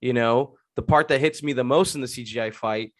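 Animated, swearing man reviewing a movie. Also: mid-range voice, a little fast. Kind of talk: casual movie review chat.

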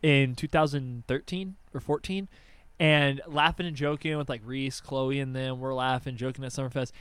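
A young man in casual chat, telling animated stories with lots of swearing and acted-out voices. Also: medium pitch, normal speed, clean tone, no room sound.

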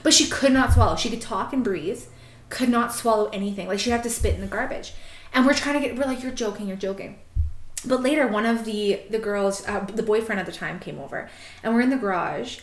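A woman on a podcast telling a story in a casual, animated way, swearing freely and laughing often. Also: on the high side, a little fast, reverberant. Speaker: podcast host.

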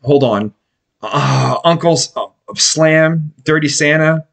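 Husky-voiced man rambling on a podcast. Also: fairly high pitch, slow, a bit bright. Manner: rambling, profane storytelling with restarts. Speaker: podcast host. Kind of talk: casual podcast chat.

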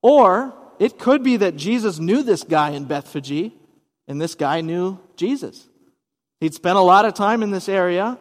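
A man's voice: high voice, long reverb tail. A man preaching a sermon as pastor, explaining scripture in a conversational way with casual asides.

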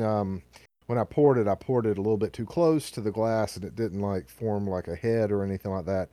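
A man's voice: on the low side, dark tone, dry recording, clean studio sound. A man with a Southern US accent co-hosting a casual podcast, rambling with lots of fillers and restarts. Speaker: podcast co-host.

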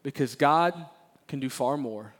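A man preaching a sermon as pastor of a church, animated and emphatic, often repeating phrases and playfully acting out Bible characters. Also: medium pitch, a little slow. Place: church sanctuary.

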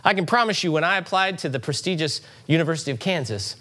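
A middle-aged pastor preaching in a church sanctuary, his voice sitting a little high. He talks to the congregation in a loose, conversational way, slipping in asides and pushing his pitch up to stress each point. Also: fast talker. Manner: animated, conversational preaching with asides and rising emphasis. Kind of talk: sermon.

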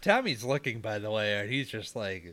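A man casually recapping a horror film with a co-host, profane and animated, slipping into silly voices for the characters. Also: fairly low pitch, normal speed. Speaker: podcast co-host. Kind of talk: casual movie recap chat.

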